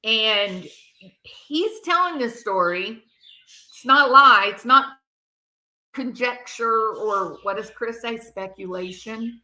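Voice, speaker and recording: A woman talks through a true crime story in an unhurried, deliberate way. Her voice is bright and crisp and sits a little high. She turns sarcastic and acts out the people she quotes. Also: expressive. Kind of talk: casual commentary.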